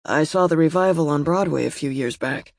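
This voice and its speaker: A woman voicing a calm, wary young woman with a dry wit and a low, steady way of speaking, in an audiobook. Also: fairly quick, creaky, no echo. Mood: quiet. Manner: low, steady, quiet delivery.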